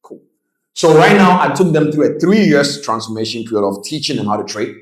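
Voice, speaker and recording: A man coaching traders in a motivational presentation, telling stories with lively delivery and acting out the people in them. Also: medium pitch, a little fast, echoey room, poor audio. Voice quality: animated storytelling, acts out quoted voices. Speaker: trading coach.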